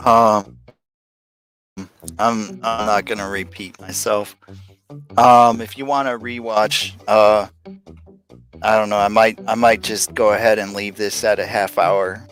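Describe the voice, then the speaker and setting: A man's voice: lowish voice, steady tone, a little slow, pauses often, fairly bright tone, low-quality recording. A man hosting a casual live stream chat, rambling and venting with lots of fillers and restarts. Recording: faint music behind.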